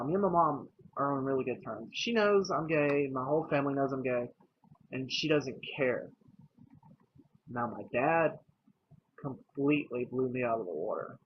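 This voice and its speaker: A young man vlogging about his own life in a casual, earnest and emotional way, speaking plainly to the camera. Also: mid-range voice. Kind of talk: personal storytelling to camera. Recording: slightly dull lo-fi recording with faint noise.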